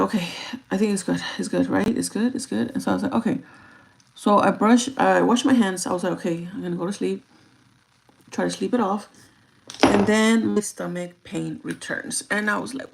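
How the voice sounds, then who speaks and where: Brief: young woman, beauty livestreamer, gravelly fry in her voice, casual rambling storyteller who swears freely. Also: medium pitch, low-quality recording. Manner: chatty, profane, animated retelling. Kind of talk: casual storytelling while doing makeup.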